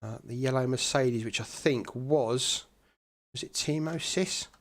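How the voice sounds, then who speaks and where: A man's voice: medium pitch, measured pace. Male sim racing commentator, conversational live play-by-play, mid-range voice. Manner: chatty, relaxed, many fillers.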